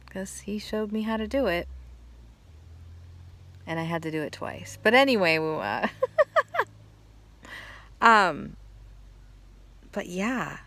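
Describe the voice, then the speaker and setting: A woman's voice: lowish voice, fairly bright tone. A middle-aged woman casually telling a personal story, rambling and restarting her sentences, heartfelt and close to tears at times. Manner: rambling, restarts sentences, laughs between thoughts. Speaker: vlogger.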